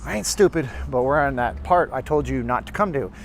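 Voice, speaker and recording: Animated and a little fast, a man with a medium-pitched, creaky voice livestreams while walking outside on a city street. He chats and rambles casually with his viewers amid slight background noise.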